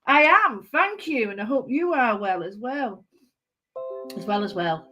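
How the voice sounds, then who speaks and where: A woman with a Manchester accent hosting a live craft stream, chatting warmly to viewers and greeting them by name. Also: fairly high pitch, lively intonation, unhurried, soft background music. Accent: Mancunian. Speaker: craft channel host.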